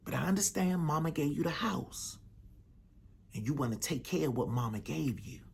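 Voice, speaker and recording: A man voicing a worried, protective mother who speaks in a soft, half-whispered plea. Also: fairly high pitch, animated, moderate pace, gravelly, breathy edge, heavily acted. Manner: hushed, half-whispered pleading.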